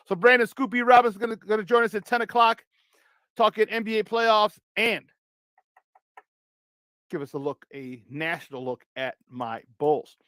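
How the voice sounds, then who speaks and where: A man with a Chicago accent hosts a morning sports talk show, loose and joking with his listeners. His voice sits a little high for a man. The studio sound is close and dry. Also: a little slow, pauses often, bright, forceful tone, no echo. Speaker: sports talk radio host.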